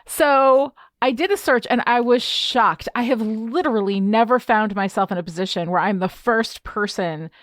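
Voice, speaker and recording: A woman from New York State, co-hosting a podcast and telling a story in a lively, self-deprecating way. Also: a little high, normal speed, hardly any pauses, no room sound, studio quality. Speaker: podcast co-host. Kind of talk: casual chat.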